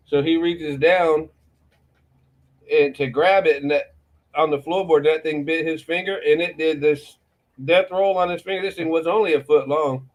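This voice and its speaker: A man's voice: fairly high pitch, fairly even intonation, normal speed. A middle-aged man, hosting a morning show and telling rambling, profane stories. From Florida. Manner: rambling storyteller, profane, laughs often. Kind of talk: casual chat.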